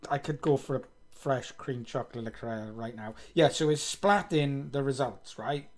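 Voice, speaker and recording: Thinking aloud while he codes live on stream, a man reads code in a mutter and teases himself along the way. His voice sits at medium pitch and his pace is unhurried.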